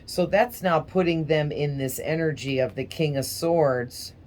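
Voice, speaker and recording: Speaking unhurriedly in a deep, slightly mellow voice, a tarot reader offers a casual reading, wandering and hesitating with little stutters. A faint hiss or hum sits under the audio.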